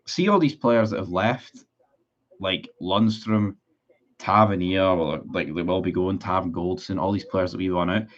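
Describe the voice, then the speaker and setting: A man's voice: low voice, moderate pace, dull audio. A man in a casual livestream, reading out viewer comments and answering them in a blunt, sweary, sarcastic way. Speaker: football fan streamer.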